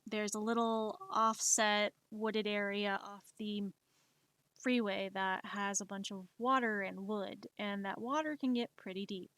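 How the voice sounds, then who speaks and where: A woman's voice: medium pitch, steady tone, measured pace, a bit bright, no room sound. A young woman streamer telling a personal story in a casual, anxious way, often stammering and repeating herself. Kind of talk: storytelling during a live art stream.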